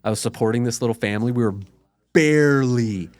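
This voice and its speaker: A man's voice: mid-range voice, little pitch movement, rapid-fire, darkish tone, no echo, clean studio sound. A man in his thirties, a podcast guest, telling his story in a candid, conversational way full of "like". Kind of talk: casual storytelling interview.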